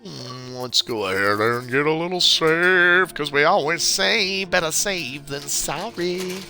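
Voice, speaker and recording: A man's voice: a little high, takes it slowly, sharp tone, soft background music. A man from California chatting casually with viewers while playing through a game walkthrough on a live stream. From California, USA. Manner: chatty, rambling, greets viewers. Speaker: gameplay streamer.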